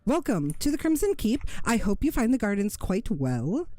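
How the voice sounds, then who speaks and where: A small goblin woman chatters in a high, breathless voice, fretting and hurrying to welcome visitors, as a game master puts her on. She sounds flustered and eager in this tabletop fantasy game. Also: sing-song, normal speed, darkish tone, no room sound, faint music behind, close to an everyday voice.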